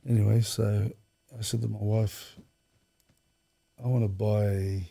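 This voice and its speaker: A middle-aged man settles into a long anecdote as a podcast guest. His voice sits low and mellow, with a gravelly, husky edge. He rambles, restarts his sentences and acts out other people's lines as he goes. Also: level tone, slow. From Australia. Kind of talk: casual storytelling interview.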